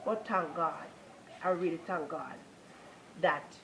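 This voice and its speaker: A woman's voice: low voice, slow pace, pauses often, a bit bright, a little hiss or hum, low-quality recording. Earnest Jamaican woman giving testimony. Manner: earnest, repetitive storytelling with preaching cadence. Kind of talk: personal religious testimony.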